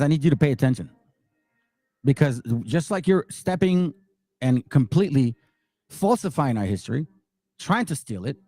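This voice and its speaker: A man's voice: a little high, a little mellow, no room sound. A man hosting a commentary channel, delivering a heated, profane, mocking monologue full of repetition. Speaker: religious commentary channel host.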